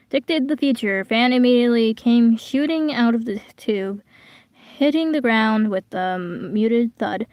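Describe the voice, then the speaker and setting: A woman's voice: fairly high pitch, unhurried, darkish tone, no echo. A young woman casually reading a fan story aloud, often breaking off to make slangy, chatty comments. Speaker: reader.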